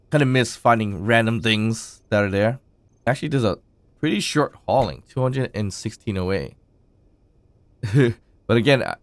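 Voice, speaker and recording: A man hosting his gaming channel, chatting casually as he plays, thinking aloud with fillers, his voice still rough from a recent illness. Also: fairly low pitch, dry recording. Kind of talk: casual gameplay commentary.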